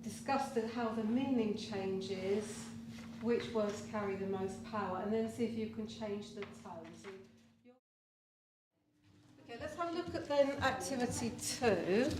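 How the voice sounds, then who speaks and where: A woman leading a teacher workshop at a conference, calmly giving practical step-by-step tasks to the audience. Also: medium pitch, a little slow. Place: large conference room. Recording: roomy distant recording with background noise.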